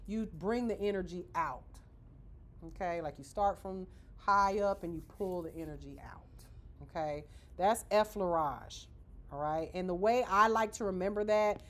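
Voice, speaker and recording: Speaking in a mid-range voice, a nail school instructor leads a live manicuring class for beginners. She keeps things chatty and casual, showing techniques with her hands and checking in with "okay?" after almost every point.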